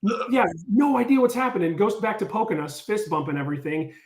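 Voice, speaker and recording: A man tells a story in a relaxed, chatty way. He speaks in a slightly high voice and acts out the quotes. The room echoes around him. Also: fast. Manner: animated, lots of "like", acts out quotes. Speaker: storyteller on a podcast. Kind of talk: casual storytelling.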